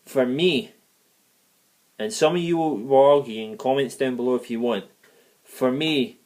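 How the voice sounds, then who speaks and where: A mid-range, slightly mellow male voice, speaking a little slowly. He's a United States-based fan ranting through a football match review on his vlog, heated and profane, with plenty of digressions.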